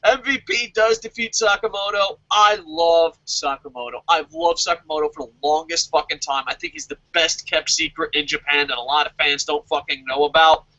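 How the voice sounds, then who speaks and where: A man co-hosting a wrestling podcast, talking excitedly in casual chat, swearing constantly and laughing often. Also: fairly high pitch, normal speed, few pauses, lo-fi sound. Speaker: podcast co-host reviewing a wrestling show. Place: lives in Japan.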